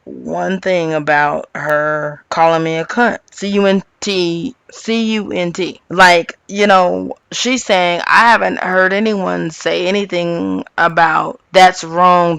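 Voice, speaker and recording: A woman's voice: fairly low pitch, slow pace, gravelly, a bit bright, clear, resonant tone, no room sound. A woman casually recapping a reality show, with blunt, sassy and opinionated asides. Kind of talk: casual gossip recap commentary.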